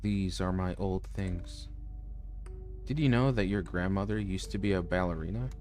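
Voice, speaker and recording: A man's voice: low voice, normal speed, a little mellow, faint music behind. A man streaming a horror game, reading its lines aloud with joking asides. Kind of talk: casual let's-play commentary.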